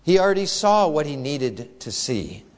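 A man's voice: on the high side, sing-song, moderate pace, in a large hall. A male pastor preaching an earnest, emphatic sermon that is full of rhetorical questions.

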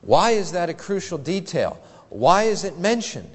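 A male preacher delivers a sermon with a lively, rising and falling voice pitched a little above the usual. He speaks in a measured, emphatic way, leaning on key words with deliberate pauses. His voice rings with a long reverb through the church. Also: breathy edge. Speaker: pastor.

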